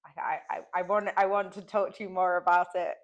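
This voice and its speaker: A woman interviewing an author for the publisher, chatty and relaxed, laughing now and then. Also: lowish voice, fairly quick, lo-fi sound. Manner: chatty, many fillers and restarts, laughs. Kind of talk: casual interview chat.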